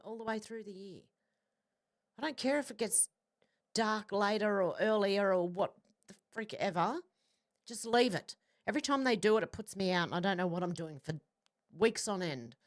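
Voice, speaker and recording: A woman hosting a livestream, reading out viewer comments in casual chat with quick, chatty asides. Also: mid-range voice. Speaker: livestream host.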